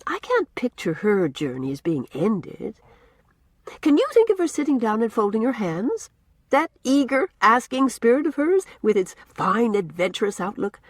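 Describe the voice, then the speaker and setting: A woman's voice: on the high side, very animated, moderate pace, no echo, clean studio sound, voice pushed up. A woman voicing a dreamy, imaginative doctor's wife who speaks wistfully.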